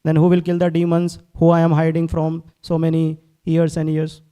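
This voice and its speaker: A man's voice: fairly high pitch, completely flat delivery, moderate pace, dark tone, clear, resonant tone, muffled recording. Earnest man giving a temple sermon. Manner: earnest, repeats words, acts out quotes. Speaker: speaker at a temple class. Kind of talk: devotional sermon with storytelling.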